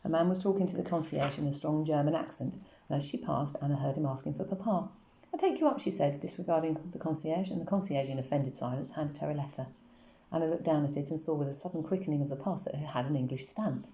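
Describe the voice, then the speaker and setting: A woman reading a children's novel aloud in a calm, measured storytelling manner, in an echoey room. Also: low voice. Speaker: reader.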